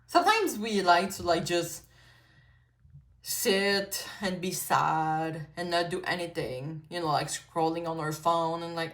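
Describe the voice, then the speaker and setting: A woman's voice: lowish voice, expressive, a little slow, fairly bright tone. A woman whose first language is French gives a casual pick-a-card tarot reading, chatty and full of "like" and "you know" fillers, with frequent swearing. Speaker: tarot reader.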